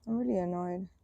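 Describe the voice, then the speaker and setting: A woman energy healer chatting casually outdoors, answering viewer comments aloud in an unhurried way, her throat irritated so her voice keeps catching. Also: mid-range voice, vocal fry, mellow, dull audio, a little hiss or hum. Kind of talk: casual live chat. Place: outdoors in the sun, birds around.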